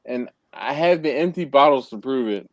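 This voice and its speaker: A man's voice: mid-range voice, expressive, normal speed, dry recording. A man hosting a casual group chat over a video call, laid-back and joking, repeating himself. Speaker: livestream host.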